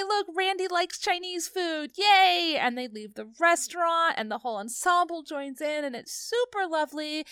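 Bright, crisp-voiced woman podcast co-host. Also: dry recording. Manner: effusive, quick shifts in pitch, acts out quotes. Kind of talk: casual movie review chat.

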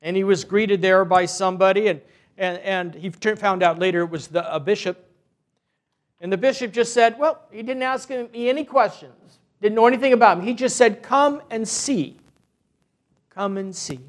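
A man with a high voice preaching from the pulpit as a parish priest. He tells his story earnestly and unhurriedly, often stopping to restart a phrase. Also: a little fast. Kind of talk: sermon with a retold story.

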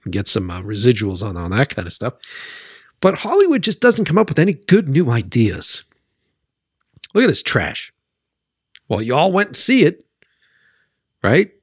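A podcast host at mid pitch, worked up and swearing freely as he rants with a sarcastic edge. His voice jumps high and low with lively swings. The sound is dry and close, with no room around it. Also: no room sound. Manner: animated, profane, sarcastic, keeps asking "right?". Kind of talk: solo podcast rant.

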